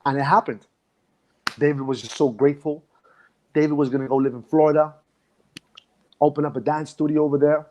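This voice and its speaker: A man's voice: on the high side, steady tone, brisk, long pauses, a little mellow. A man, a dance instructor, recalling his past in a reflective, emotional way and often restarting his sentences. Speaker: guest. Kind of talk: casual conversation.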